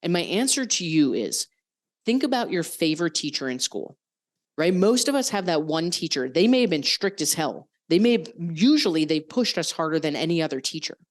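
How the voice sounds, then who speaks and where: A woman's voice: deep voice, sing-song, normal speed. Frank woman coaching on a podcast. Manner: candid, frank, swears casually. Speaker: podcast host and fitness coach. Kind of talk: casual coaching monologue.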